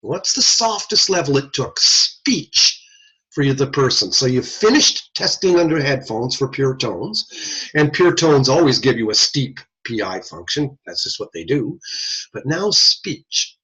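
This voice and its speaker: A man's voice: medium pitch, big pitch swings, a little slow, bright, forceful tone. A man lecturing informally on audiology from his computer, repeating points and checking in with frequent "okay?". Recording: slightly husky voice, dull lo-fi audio.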